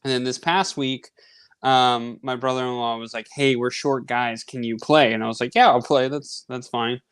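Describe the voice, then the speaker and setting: Male podcast host, thirties, mid-pitched and clear-toned, telling a loose, filler-heavy story. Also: normal speed, no echo. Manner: rambling, animated anecdote with many fillers. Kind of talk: casual storytelling.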